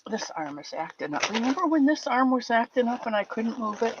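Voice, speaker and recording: A woman's voice: on the high side, very animated, a little fast, noisy background. Chatty older woman streaming to viewers. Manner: chatty, affectionate, rambling with restarts. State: a bit teary. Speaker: livestream host. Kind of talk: casual chat with live chat viewers. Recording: dull lo-fi dry sound.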